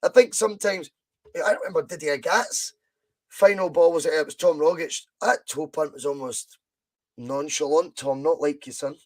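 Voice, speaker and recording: Excitable Scottish man commentating live. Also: fairly high pitch, normal speed. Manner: chatty, reads out viewer comments, bursts of excitement. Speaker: podcast host doing live fan commentary. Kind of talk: excitable live football watch-along commentary. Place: at home.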